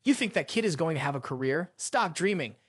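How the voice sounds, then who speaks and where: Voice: mid-range voice, animated, a little fast, slightly rough, dry recording, clean studio sound, pitched below the performer's own voice. A narrator reading a sneering arrogant male butler. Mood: mocking. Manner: sarcastic, condescending.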